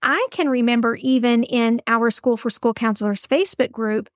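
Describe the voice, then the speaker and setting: A woman hosts an advice podcast in a chatty, emphatic, encouraging way. Her voice sits fairly high. The sound is dry and close to the mic. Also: normal speed, no room sound. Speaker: podcast host.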